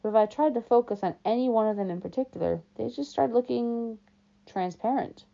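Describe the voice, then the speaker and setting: A woman reading a novel aloud in calm, first-person storytelling narration. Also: a little high, fairly quick, vocal fry. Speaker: audiobook reader. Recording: dull lo-fi recording.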